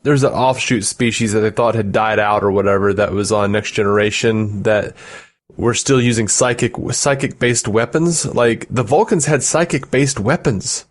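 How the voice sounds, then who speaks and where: A man's voice: fairly low pitch, normal speed. A man co-hosting a podcast in casual chat, rambling with fillers and frequent laughs. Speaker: podcast co-host.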